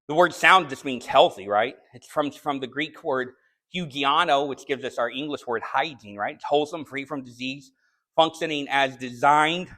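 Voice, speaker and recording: A man preaching a sermon, telling a story in a conversational way and then building to sharp, shouted rebukes. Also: medium pitch, moderate pace. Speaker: pastor. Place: church sanctuary.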